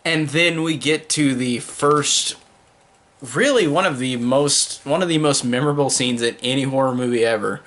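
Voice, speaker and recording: A horror movie reviewer talks loosely and without a script, gushing with eager praise. His mid-range, fairly bright voice rambles along with plenty of "like" and "um."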